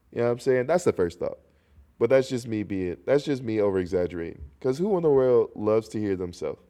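A man's voice: fairly low pitch, fast. A young man from North Carolina hosting his own solo podcast, talking in a rambling, jokey way while congested. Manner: rambling, animated, jokey asides. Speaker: podcast host. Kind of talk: casual solo podcast monologue.

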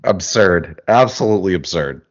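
Lower-voiced dude going "absurd", short reactions, muffled lo-fi sound. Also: male voice, expressive, normal speed. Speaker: podcast co-host. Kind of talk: casual chat. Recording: dull lo-fi recording.

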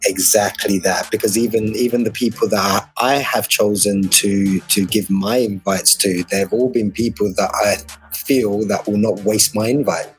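Man chatting, halting and quick. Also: lowish voice, steady tone, soft background music. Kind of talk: casual podcast chat.

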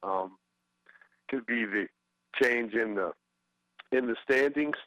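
A man's voice: medium pitch, slow pace, fairly bright tone, dry recording, lo-fi sound. A middle-aged man, a former baseball player, talking as a guest in a casual interview, hesitant with many fillers and restarts.

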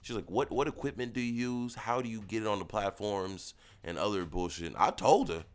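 A man with a very deep voice, co-hosting a podcast and telling stories in a laid-back, swearing, casual chat. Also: brisk. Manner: laid-back storytelling, frequent swearing and restarts. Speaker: podcast co-host.

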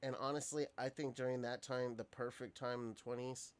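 A man's voice: mid-range voice, fairly even intonation, brisk, clear, resonant tone. A middle-aged man from California co-hosting a podcast in casual chat, rambling with many restarts. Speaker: podcast co-host.

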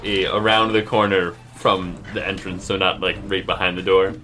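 Man calmly planning moves in a game. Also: low-pitched, normal speed, faint music behind. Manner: casual, tactical. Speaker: player. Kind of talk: tabletop role-play.

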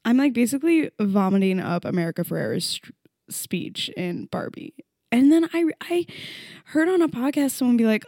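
A young woman hosting her own podcast, ranting candidly and emotionally with lots of swearing. She drops to a hush at times and imitates critics in a low, mocking voice. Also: very animated, brisk, no echo, studio quality. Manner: emotional and profane, swinging between hushed and loud. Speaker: podcast host. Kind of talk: candid solo podcast rant.

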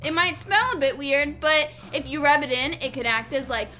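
A woman's voice: sits high, moderate pace, sharp tone, faint music behind. A woman voicing a chirpy young woman adventurer in a tabletop game, earnest and chatty, hedging often with "um". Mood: persuasive.

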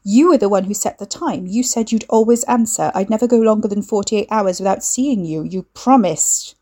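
A woman's voice: mid-range voice, expressive, moderate pace, gravelly, slightly rough. A woman reading the lines of a needy young woman who turns cold and accusing. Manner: accusing, sharp, clingy. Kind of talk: audiobook dialogue reading.

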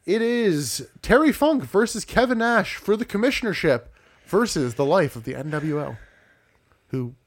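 A man's voice: high voice, sing-song, normal speed. A man co-hosting a casual podcast, recapping wrestling matches play by play with wry asides. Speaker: podcast co-host.

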